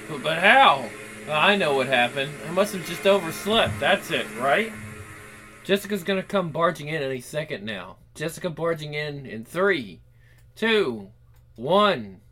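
This game voice-over playthrough has a man voicing the protagonist, very animated and a little slow, panicking aloud to himself and swearing often. His pitch is fairly high, and there is background noise.

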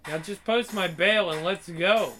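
A man voicing an easygoing young man who calls everyone bro, in a chummy, relaxed way. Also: high-pitched, a little slow. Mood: cheerful.

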